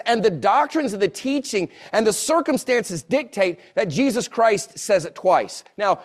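A man in his forties preaches with a notably high-pitched voice. He is earnest and circles back on his phrases to drive each point home. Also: darkish tone. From Southern United States. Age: 40s. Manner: earnest, repeats phrases for emphasis. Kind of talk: sermon.

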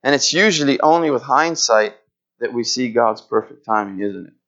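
A man's voice: mid-range voice, animated, moderate pace, a bit bright. Guy preaching a sermon, earnest, repeats himself a lot, kinda dull lo-fi sound. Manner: earnest, voices pleading prayers to God, repeats phrases.

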